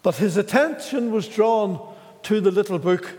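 A man preaching a sermon in a slow, measured way, with dramatic pauses. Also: high voice, darkish tone, long reverb tail.

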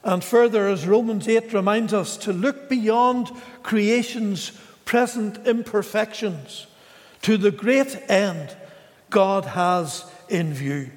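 A man preaching a sermon in a slow, measured way, with dramatic pauses. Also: high voice, in a large hall.

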